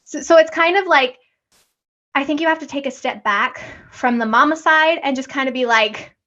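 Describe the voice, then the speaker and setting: Woman, casual podcast co-host, high voice, animated storyteller, dull lo-fi recording. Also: normal speed. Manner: animated, acts out talks with her kids. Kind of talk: casual chat. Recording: dull lo-fi audio.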